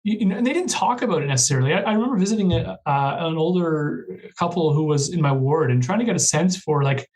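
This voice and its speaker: A man's voice: on the high side, animated, quick pace, few pauses, a little mellow, poor audio. A man, a guest professor, talking earnestly in a podcast interview with many restarts.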